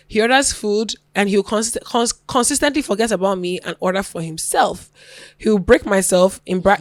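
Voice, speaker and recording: A woman co-hosting a podcast, reading a listener's story aloud in an animated way and laughing now and then. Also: medium pitch, no echo. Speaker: podcast co-host.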